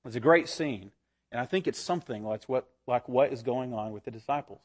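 A man preaching a sermon as pastor, expressive, shifting pitch and pace for emphasis. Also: a little fast, breathy edge.

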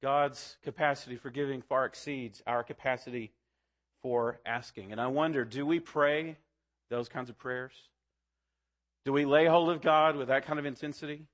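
A pastor preaches a sermon in a medium-pitched voice with fairly even intonation and a moderate pace. He's earnest and builds toward fervent emphasis.

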